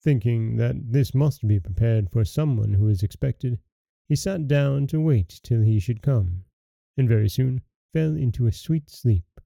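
A man hosting a folktale podcast, reading a fairy tale aloud in a measured, gentle storytelling way. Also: mid-range voice, animated, vocal fry, no room sound. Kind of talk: scripted narration.

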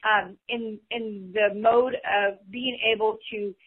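A woman's voice: medium pitch, steady tone, slow pace, breathy edge. A woman in her fifties, a podcast guest speaking in casual chat, full of "you know" fillers. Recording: tinny phone line.

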